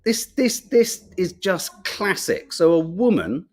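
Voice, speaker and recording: A man with a fairly high voice that swings widely up and down. He hosts a casual podcast and pages through the newspapers, chatty and wry, with a sarcastic edge as he thinks aloud. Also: very animated, takes it slowly, a little mellow. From Britain. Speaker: podcast host. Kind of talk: casual newspaper review chat.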